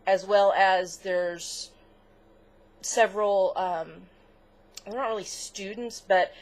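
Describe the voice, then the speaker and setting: A middle-aged woman co-hosting a crafts podcast in casual chat, gushing, chatty and easily moved. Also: mid-range voice. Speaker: podcast co-host.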